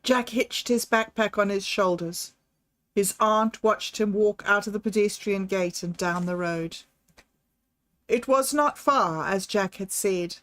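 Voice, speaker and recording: A woman narrating a novel aloud in a slow, measured storytelling voice. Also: mid-range voice, fairly bright tone, dry recording. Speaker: audiobook narrator. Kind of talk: scripted narration.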